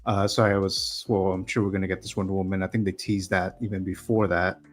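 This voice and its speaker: A low-voiced man co-hosting a casual livestream. He talks in halting bits, with frequent "um" and "uh" and restarted sentences. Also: little pitch movement. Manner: hesitant, many ums and false starts. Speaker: guest co-host.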